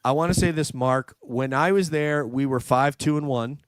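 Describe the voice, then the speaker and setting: Hosting a casual livestream chat, a New York man thanks viewers and reads the live chat aloud. He talks at a moderate pace in a medium pitch, his tone clean, recorded with clean studio sound and no room sound.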